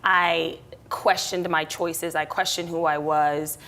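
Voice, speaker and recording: A woman actress as a talk show guest, telling personal stories in a lively, reflective way. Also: sits low, takes it slowly.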